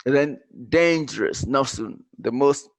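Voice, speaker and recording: A man teaching an English grammar lesson, explaining in English mixed with Arabic, halting and repeating himself with many fillers. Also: mid-range voice, vocal fry, dry recording.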